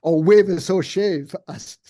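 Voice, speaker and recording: An older man talks through his memories in an interview. His voice is warm and mellow, pitched a little high for a man, and he rambles with fillers and restarts. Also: measured pace. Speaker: interview guest, former TV executive producer. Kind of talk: casual interview chat.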